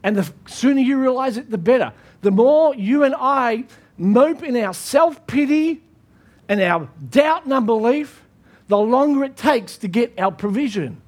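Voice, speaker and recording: A pastor preaching an earnest, emphatic sermon with dramatic pauses. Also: male voice, very high voice, lively intonation.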